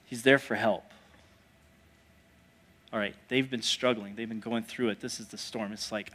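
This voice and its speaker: A male pastor preaching a sermon, moving between hushed asides and loud, emphatic declarations and putting rhetorical questions to the congregation. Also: on the low side, fairly even intonation, moderate pace, long pauses.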